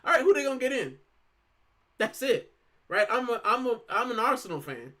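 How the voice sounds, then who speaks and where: A man's voice: very high voice, sing-song, moderate pace, sharp tone. A man from Puerto Rico hosting a football fan channel, talking casually and with animation, full of fillers and "bro". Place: lives in the UK.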